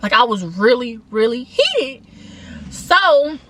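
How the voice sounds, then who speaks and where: A young woman with a bright, high voice tells a story straight to her viewers. Her delivery is animated and emphatic, full of casual slang. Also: takes it slowly. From Atlanta, USA. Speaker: vlogger. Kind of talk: storytime vlog, casual retelling.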